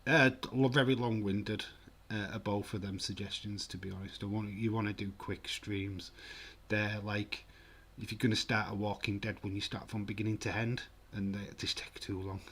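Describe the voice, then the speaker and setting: A man's voice: on the low side, little pitch movement, normal speed, fairly bright tone, slight background noise. A man streaming a live football watch-along, chatting casually and rambling with frequent restarts. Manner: rambling, self-correcting, chatty.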